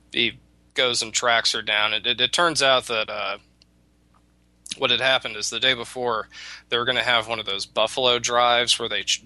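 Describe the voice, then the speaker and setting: A man's voice: on the low side, sharp tone, no room sound, rough recording. A man telling a folk tale in casual conversation, hesitant, with frequent restarts and fillers. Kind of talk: casual storytelling chat.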